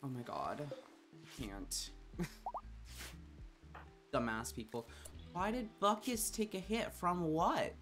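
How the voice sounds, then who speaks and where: A man streaming a colony-building game, chatting and reading out game text, quickly exasperated with his colonists, swearing and then apologizing. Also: on the high side, animated, music in the background. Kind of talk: casual gameplay commentary.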